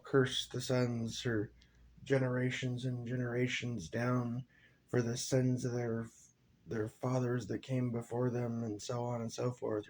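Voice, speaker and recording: Drowsy, gravelly man rambling. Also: medium pitch, a little hiss or hum. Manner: halting, rambling, full of fillers and sighs. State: drowsy, just woke up. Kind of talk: rambling monologue.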